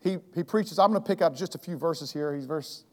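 A man's voice: on the high side, brisk, darkish tone, in a large hall. A man teaching an evening Bible class with earnest emphasis, often restarting and repeating phrases while his throat keeps catching. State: throat trouble, clearing his throat.

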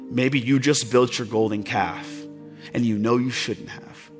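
A man preaching a sermon as pastor, impassioned and swinging from loud, fervent passages to hushed, tender ones. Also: mid-range voice, steady tone, a little slow, soft background music.

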